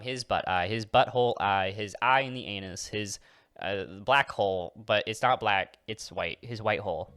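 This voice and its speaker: A man rambles through a comedic countdown for his channel. He keeps restarting his sentences, swears casually and drops into quick acted-out scenes. His voice is smooth and clean, and it sits at an ordinary middle pitch. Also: fairly bright tone, no echo. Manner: acts out little scenes in quoted voices. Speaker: video creator and streamer.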